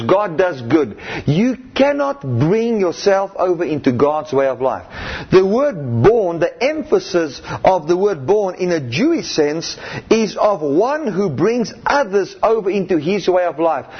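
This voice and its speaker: Male preacher, animated sermon, husky voice, dull lo-fi sound. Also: high-pitched. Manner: emphatic, repetitive exclamations of hallelujah and amen. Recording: muffled lo-fi recording.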